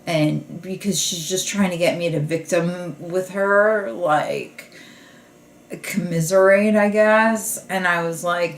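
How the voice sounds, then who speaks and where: A woman's voice: fairly low pitch, slow. A woman comedian talking in a rambling, casual podcast monologue, full of "like" fillers and restarts. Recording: roomy echo.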